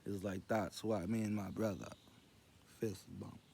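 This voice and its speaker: A man telling rambling jokes in casual storytelling, meandering and loose as he quotes others in a low murmur. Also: fairly even intonation, measured pace, vocal fry, mellow, a little hiss or hum.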